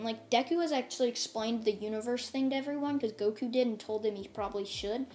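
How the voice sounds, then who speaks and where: A woman's voice: on the high side, quick pace, few pauses, darkish tone, slight background noise. Rambling woman retelling a fan story. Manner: rambling, full of "like" and "and stuff". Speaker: channel host. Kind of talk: casual fan-story narration. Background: faint music.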